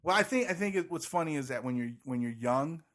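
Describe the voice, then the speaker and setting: A podcast co-host chats casually and sarcastically about church, speaking quickly in an expressive voice that's on the high side and a bit bright. He tells stories, acts out quoted talk, and his heavy breathing is audible.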